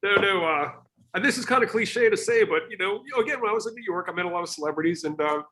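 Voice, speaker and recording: A man with a bright, slightly high voice talks over a video call as a podcast guest. He speaks haltingly, with fillers and restarts, and comes across earnest. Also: a little hiss or hum.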